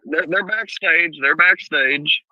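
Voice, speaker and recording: A man's voice: a little high, takes it slowly, over a noisy crowd. A man hosting a live stream, arguing angrily and confronting the other speaker with heavy profanity. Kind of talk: heated live stream argument. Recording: muffled lo-fi mic.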